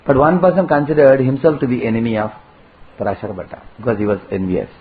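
A man giving a devotional talk, telling a story with many fillers and acted-out prayers. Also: mid-range voice. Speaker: spiritual speaker. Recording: tinny phone-like recording with faint noise.

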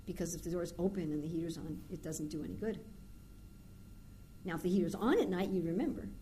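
A woman's voice: on the low side, quick pace, dark tone, a little hiss or hum. A woman giving an informal scripture class, talking conversationally and acting out everyday dialogues. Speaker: spiritual teacher.

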